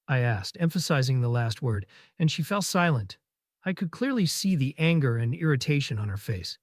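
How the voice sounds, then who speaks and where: A man reading a first-person story aloud, delivering teasing dialogue briskly. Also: mid-range voice, no echo, studio quality.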